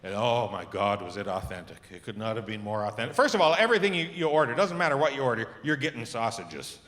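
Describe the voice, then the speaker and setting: A middle-aged man performing a stand-up comedy set on stage, telling animated stories and acting out the voices he quotes. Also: mid-range voice, fast, background noise. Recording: reverberant club with audience laughter.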